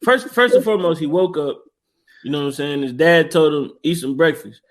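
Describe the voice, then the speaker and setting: Male podcast co-host, lively casual movie recap, voice a bit on the high side. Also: fairly quick. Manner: animated storyteller, acts out movie quotes with laughter.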